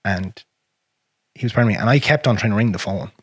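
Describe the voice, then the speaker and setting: An Irish man hosting a podcast, talking frankly and with plenty of swearing, his voice sinking low and quiet on hard memories. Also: quick pace, breathy edge, no room sound, clean studio sound. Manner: frank and profane, drops to a near whisper on painful memories. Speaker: podcast host. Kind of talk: casual conversation.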